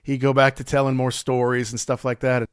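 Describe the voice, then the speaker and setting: A man's voice: medium pitch, level tone, a little fast, smooth, no echo, studio quality. A man hosting a podcast, chatting casually and rambling through his retelling with many fillers. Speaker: podcast host. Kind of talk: casual chat.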